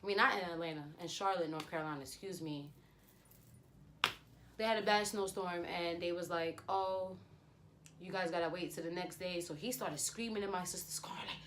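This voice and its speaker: Young female vlogger, casual animated storyteller; light background noise. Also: on the low side, moderate pace. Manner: chatty, animated retelling with acted-out quotes. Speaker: beauty vlogger. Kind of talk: storytime vlog.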